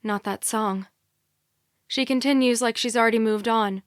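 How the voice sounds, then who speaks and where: A woman's voice: fairly high pitch, steady tone, normal speed, no room sound. A woman reading a young adult thriller in the first person, tense and earnest, on a close studio mic. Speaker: audiobook narrator. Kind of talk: scripted first-person narration.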